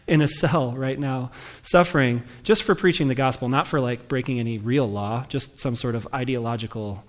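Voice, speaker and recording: In a medium-pitched voice, a male pastor gives a sermon in a conversational manner, putting questions to his congregation and reading scripture with mounting emphasis.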